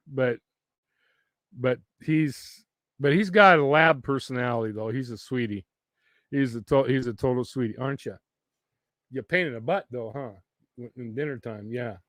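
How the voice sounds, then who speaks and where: A man's voice: medium pitch, moderate pace, fairly bright tone, dry recording, studio quality. A man hosting a casual chat, rambling with lots of fillers and teasing his dog in a playful sing-song voice. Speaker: livestream host.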